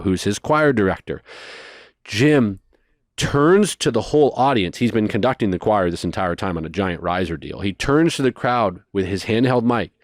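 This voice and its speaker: A man telling a story as a guest in a conversation, animated and rushing through details. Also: lowish voice, no echo, studio quality. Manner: animated, fast bursts of detail.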